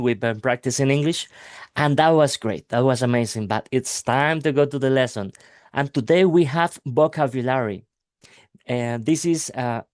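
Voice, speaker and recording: A man of middle pitch, teaching English in an unhurried, hesitant way full of fillers. He speaks slowly and deliberately, working through examples. The recording is dry and close. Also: dry recording. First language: Spanish. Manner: hesitant, many fillers, slow deliberate phrasing. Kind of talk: casual language lesson.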